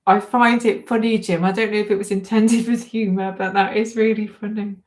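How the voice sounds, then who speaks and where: A woman's voice: medium pitch, little pitch movement, fairly quick, darkish tone. A woman, hosting a casual livestream, reading out comments, chatting and often breaking into giggles. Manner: giggly, keeps breaking into laughter; chatty and self-deprecating. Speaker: livestream host.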